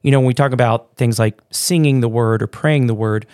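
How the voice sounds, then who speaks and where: A male pastor co-hosts a church podcast, chatting in an easy, joking way and often restarting his sentences. His voice sits at an ordinary pitch. The recording is close and dry, with no room sound. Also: brisk, no echo. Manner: relaxed, joking, with frequent fillers and restarts. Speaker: pastor, co-host. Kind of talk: casual podcast chat.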